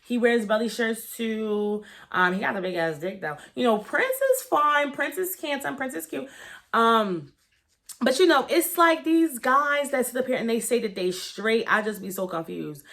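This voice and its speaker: A woman's voice: a little high, lively intonation, normal speed, fairly bright tone. A woman giving a candid, gossipy review of a reality show in a casual vlog, talking with lots of fillers and profanity.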